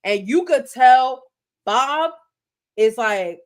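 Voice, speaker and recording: A woman's voice: on the high side, expressive, a little slow, fairly bright tone. Chatty woman recapping with flair. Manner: chatty storyteller, recaps events with quoted reactions. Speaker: podcast co-host. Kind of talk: casual reality-TV recap chat.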